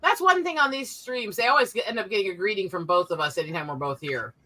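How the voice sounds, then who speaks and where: Bright, laughing woman telling stories. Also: medium pitch, lively intonation, fast. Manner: storytelling, laughs often, swears freely. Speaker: podcast co-host. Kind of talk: casual chat on a livestream.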